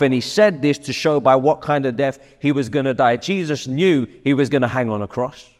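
A man's voice: medium pitch, animated, normal speed. Earnest preacher man in a reverberant hall. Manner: earnest, with frequent restarts and shifts between loud and quiet. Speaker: pastor. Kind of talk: sermon.

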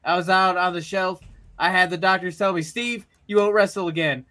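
A man's voice: sits high, fairly even intonation, fairly quick, pushed and bright. A man voicing a brash, tough male wrestler who cuts a rowdy, cursing promo. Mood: defiant.

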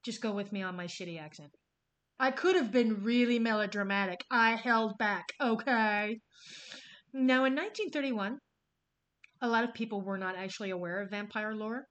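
A woman's voice: medium pitch, moderate pace, fairly bright tone. A woman hosting a podcast, telling film history in a casual, enthusiastic way with some swearing. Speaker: podcast host.

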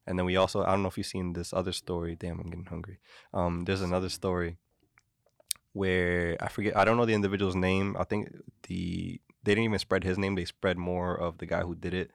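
A man's voice: low voice, level tone, fairly quick, gravelly, no echo, clean studio sound. A man co-hosting a casual chat, telling a story in a rambling way full of "like".

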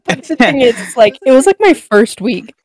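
A woman's voice: sits high, sing-song, moderate pace, a crowd in the background. A young woman co-hosting a casual chat, sheepishly explaining herself and reminiscing.

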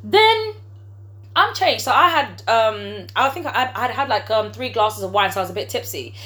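A woman casually telling a story to a group, animated and acting out the voices of the people in it. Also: on the high side, normal speed.

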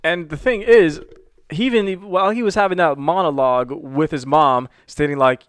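Man chiming in with a slightly high voice. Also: moderate pace, clear, resonant tone, dry recording. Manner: chiming-in agreer who adds his own short takes. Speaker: podcast co-host. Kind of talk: casual chat.

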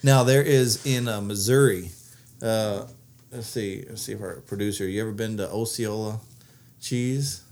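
A man with a lowish, darkish voice co-hosts a casual chat show, speaking at a measured pace. He tells rambling stories packed with "uh" and "like."

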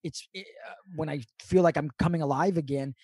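A man's voice: fairly high pitch, a little fast, a little mellow, husky, no room sound. A man co-hosting a podcast over a video call, talking in casual, profane, mock-grandiose rants. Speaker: podcast co-host. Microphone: remote over video call.

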